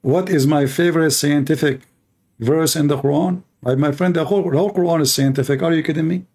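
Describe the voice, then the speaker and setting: Sarcastic man with a higher voice. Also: steady tone, brisk, a little mellow, breathy edge. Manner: sarcastic, mocking, emphatic; non-native English grammar. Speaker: online commentator answering questions. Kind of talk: casual monologue answering viewer questions.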